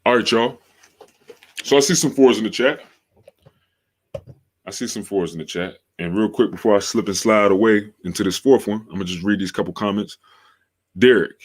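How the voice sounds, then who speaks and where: Deep-voiced slangy male podcast host. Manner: slangy, drawn-out, repeats phrases for emphasis. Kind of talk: casual livestream podcast talk.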